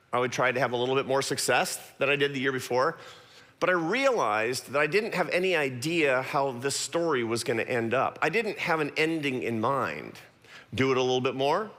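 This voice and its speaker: A middle-aged man giving a talk to an audience, telling a personal story with quick self-deprecating asides. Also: mid-range voice, expressive, a bit bright. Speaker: guest speaker. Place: large church auditorium. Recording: long hall reverb.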